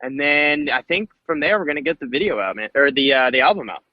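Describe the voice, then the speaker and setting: A man's voice: on the high side, expressive, fast talker, no echo, lo-fi sound. A male musician guest chatting on a podcast in a laid-back, jokey, rambling way. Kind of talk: casual podcast chat.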